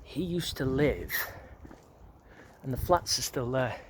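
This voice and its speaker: A man's voice: mid-range voice, lively intonation, takes it slowly, slight background noise. A middle-aged man walks around an outdoor neighbourhood. He reminisces in a loose, rambling way, full of filler words and casual swearing. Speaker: vlogger.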